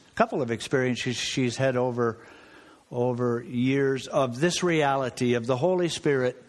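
A male pastor preaching in a relaxed, chatty way, with asides to the congregation. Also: mid-range voice. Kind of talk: sermon. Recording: long reverb of a church hall.

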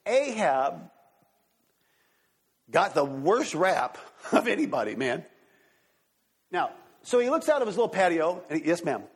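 Excited, husky-voiced preacher man. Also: fairly high pitch, a little slow, pauses often. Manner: excited, animated preaching with congregation asides. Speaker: pastor. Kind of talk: sermon.

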